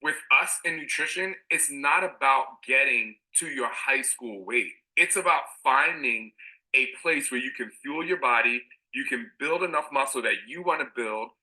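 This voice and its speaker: A man who is a fitness trainer and host, talking in a candid, animated and sometimes emotional way. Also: mid-range voice, moderate pace, rough recording. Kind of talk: casual podcast chat.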